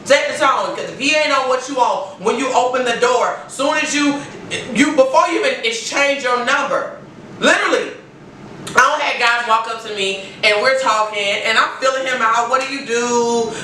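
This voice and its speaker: A woman's voice: on the high side, moderate pace, sharp tone, distant mic, slight background noise. Blunt woman coach in an echoey room. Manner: blunt, preachy, laughs between points. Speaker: STD life coach. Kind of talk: motivational advice monologue.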